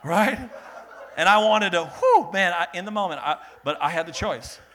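Young man preaching, bright voice, animated, swings between loud and hushed. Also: high-pitched, normal speed, slight background noise. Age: young adult. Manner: animated, laughing, builds to loud peaks then drops to soft earnest tone. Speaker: pastor. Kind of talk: sermon.

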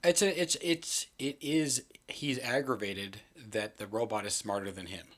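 Animated man chatting about films. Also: medium pitch, unhurried. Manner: animated, swears, acts out quotes. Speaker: film podcast co-host. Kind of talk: casual film discussion.

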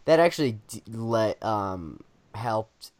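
A man's voice: fairly low pitch, animated, takes it slowly, a little mellow. A man co-hosting a casual group discussion, opinionated and emphatic, often stumbling and restarting his sentences.

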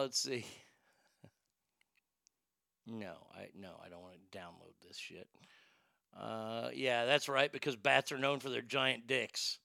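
A man's voice: mid-range voice, vocal fry, sharp tone, dry recording, studio quality. A man hosting a comedy show, reading odd news stories and joking about them in a profane, irreverent way. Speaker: host.

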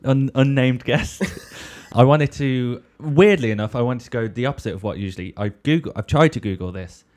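Guy hosting a podcast, rambly, swears a lot, average pitch. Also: normal speed, darkish tone. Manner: rambling, swears, tells anecdotes. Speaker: podcast host. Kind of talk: casual comic chat.

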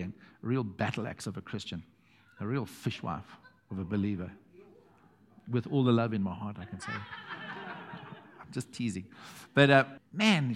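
A middle-aged South African man preaching a sermon as pastor, telling stories with chuckles and quiet emphatic asides. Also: medium pitch, creaky. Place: church hall. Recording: long hall reverb.

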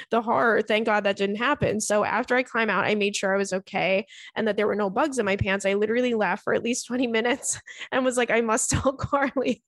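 A woman, hosting a podcast and reading listener stories aloud in an animated, swearing, laughing way. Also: mid-range voice, dry recording, studio quality. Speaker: podcast host.

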